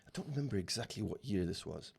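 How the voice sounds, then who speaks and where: A man's voice: on the low side, fast talker, gravelly, breathy edge. A man in his forties, raised in the UAE, telling a story as a podcast guest and acting out the dialogue, often restarting his sentences. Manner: animated anecdotes, acting out dialogue, many restarts. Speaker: real estate founder, guest. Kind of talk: storytelling interview.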